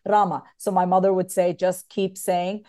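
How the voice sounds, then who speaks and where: A woman's voice: lowish voice, level tone, moderate pace, mellow. A woman talking candidly and emotionally as an author guest in an interview. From United States. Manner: candid and emotional, swings from tearful to laughing.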